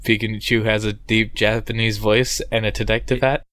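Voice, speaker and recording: A man's voice: fairly low pitch, flat delivery, normal speed, fairly bright tone, dry recording. A young man co-hosting a podcast, chatting laid-back about games with many ums and uhs. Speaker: podcast co-host. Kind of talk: casual chat about video games.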